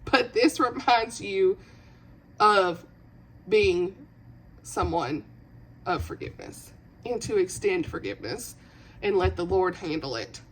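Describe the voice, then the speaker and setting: A woman's voice: medium pitch, animated, takes it slowly, pauses often, a bit bright, slight background noise. A woman chatting in a reading vlog, emotional and gushing, laughing through tears. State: teary, voice breaking. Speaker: book vlogger. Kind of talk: casual reading vlog chat.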